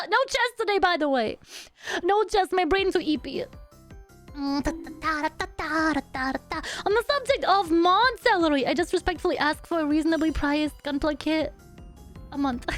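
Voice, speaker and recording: A woman streamer chats casually with her viewers, bubbly and silly, humming little nonsense syllables between remarks. Her voice sits very high and bounces lively up and down. Faint music plays underneath. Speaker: virtual streamer. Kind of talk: casual livestream chat with viewers.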